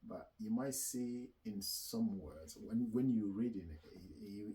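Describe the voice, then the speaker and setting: Slow, deep-voiced man teaching sounds. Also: warm tone, low-quality recording. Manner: slow, hesitant, repeating sounds aloud. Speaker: language teacher. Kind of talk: casual spoken lesson.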